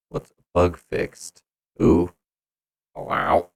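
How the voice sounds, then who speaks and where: A low-voiced man talks casually to himself while he tests voice effects. His voice carries a gravelly fry, and he mutters his reactions slowly. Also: expressive, darkish tone, faint music behind. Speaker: channel host.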